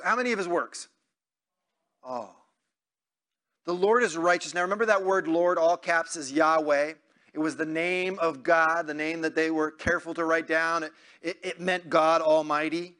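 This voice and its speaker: High, bright-voiced man preaching. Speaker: pastor. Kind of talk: sermon.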